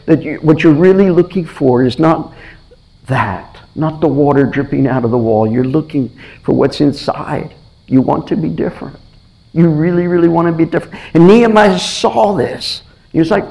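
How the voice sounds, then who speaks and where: Guy preaching, warm low-key tone, tells stories, does little voices, repeats himself a lot. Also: poor audio. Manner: animated storytelling, acts out voices, repeats himself. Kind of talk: sermon.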